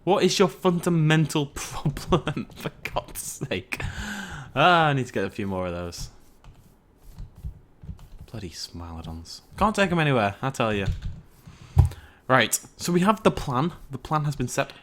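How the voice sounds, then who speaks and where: A man's voice: mid-range voice, sing-song, unhurried, fairly bright tone, slight background noise. A man, hosting a let's play and giving casual, rambling gameplay commentary while chatting to his viewers. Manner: chatty, rambling, self-mocking, talks to viewers.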